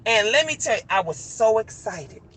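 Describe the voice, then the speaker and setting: A woman's voice: fairly high pitch, sing-song, normal speed, fairly bright tone, slightly rough, rough recording. A middle-aged woman vlogging in casual chat from a car, telling stories in a rambling, emphatic way with many restarts.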